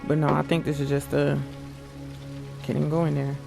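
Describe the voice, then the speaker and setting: Guy joking around while playing a horror game, gravelly voice, game music going. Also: a little high, flat delivery, fairly quick. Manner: joking, chatty asides. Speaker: gaming channel host. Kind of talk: casual gameplay commentary.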